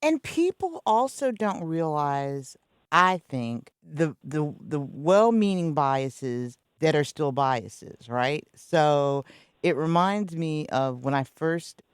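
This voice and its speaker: A woman from Kansas City hosting a radio interview, talking in a thoughtful, relaxed way and sometimes searching for words. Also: low voice, slow pace, smooth, no room sound, studio quality. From Kansas City, USA. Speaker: radio host.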